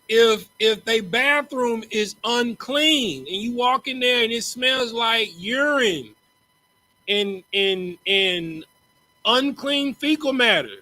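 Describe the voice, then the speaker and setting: High-voiced, joking man giving a casual lecture. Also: sharp tone, no room sound, low-quality recording. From Texas. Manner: slangy, joking, repeats words when starting lines. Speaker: teacher in a religious group class.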